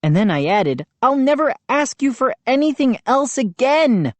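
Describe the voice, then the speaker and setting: A woman's voice: sits high, very animated, measured pace, dry recording, voice pushed up. A woman voicing a frightened young boy who insists and pleads to be believed. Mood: pleading.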